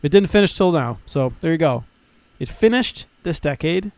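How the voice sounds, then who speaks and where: A young man on a podcast who gets excited, swears freely and keeps restarting his sentences. His voice sits a bit high for a man and sounds dry and close to the mic. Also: moderate pace, no room sound. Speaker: podcast co-host. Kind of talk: casual podcast chat.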